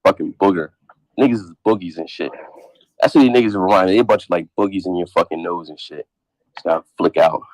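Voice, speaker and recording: A man's voice: low-pitched, fast talker, dry recording, low-quality recording. A man hosting a casual podcast chat, talking bluntly with heavy profanity. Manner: profane, animated, blunt trash talk. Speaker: podcast host.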